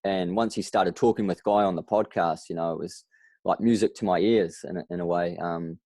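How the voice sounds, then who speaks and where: A man with a New Zealand accent, a podcast guest, telling stories in a lively way and acting out the voices of the people he quotes. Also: low voice, brisk, dry recording. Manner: animated storyteller, acts out quoted voices. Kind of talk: casual interview.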